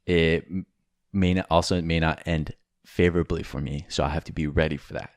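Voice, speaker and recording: A man's voice: extremely low pitch, fairly even intonation, a little fast, no room sound, studio quality. A man co-hosting a podcast, giving rambling, frank advice with casual swearing and jokes. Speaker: podcast co-host.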